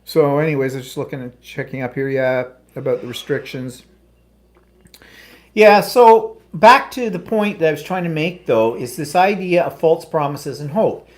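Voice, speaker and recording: A man's voice: fairly high pitch, normal speed. A man from Canada co-hosting a casual livestream chat, reading viewer comments and ranting bluntly about the news. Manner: blunt, opinionated, animated ranting.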